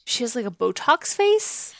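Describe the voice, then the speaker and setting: A woman in her thirties co-hosting a podcast, chatting casually and pausing often with fillers. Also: fairly high pitch, big pitch swings, creaky, a bit bright, no room sound. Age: 30s. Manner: conversational, hesitant with "um" and "like". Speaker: podcast co-host. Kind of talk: casual chat reviewing a dating show.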